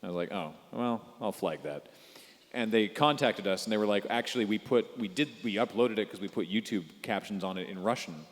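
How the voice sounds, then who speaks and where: Lowish-voiced guy rambling on a panel stage, big echoey convention hall. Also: fairly quick. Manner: rambling, chatty, lots of fillers and restarts. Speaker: panelist on a live comedy web show panel. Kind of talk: casual live panel chat. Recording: convention hall with long reverb.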